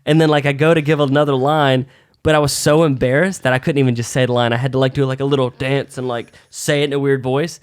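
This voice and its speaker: A young man co-hosting a casual chat about stand-up comedy, telling animated stories and swearing freely. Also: mid-range voice, quick pace, clear, resonant tone. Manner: animated storyteller, swears a lot. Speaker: podcast co-host, aspiring comedian.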